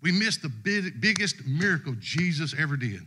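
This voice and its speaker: A man's voice: a little high, very animated, moderate pace, bright, forceful tone. A middle-aged man, preaching a casual, folksy sermon to a church congregation. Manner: folksy and conversational, Southern US dialect. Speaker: guest preacher. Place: church sanctuary.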